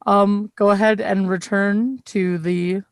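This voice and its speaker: A woman acting as game master narrates a tabletop game in a relaxed, hesitant way, pausing often. Her mid-range voice sounds clean, with no room sound.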